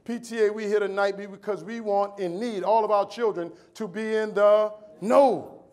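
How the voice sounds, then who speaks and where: A man with a high voice delivers a preacher-like keynote from a conference stage. He hammers phrases by repeating them and acts out every character in his stories. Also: fairly even intonation, moderate pace, a little mellow. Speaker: motivational speaker. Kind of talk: storytelling keynote speech. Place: conference stage before a live audience.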